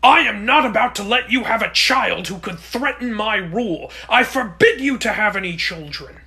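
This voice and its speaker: A man's voice: sits high, animated, normal speed, pushed and bright, heavily acted. A man playing a tyrannical male sun-god king who is furious and petty, in a comedy sketch. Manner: indignant, commanding.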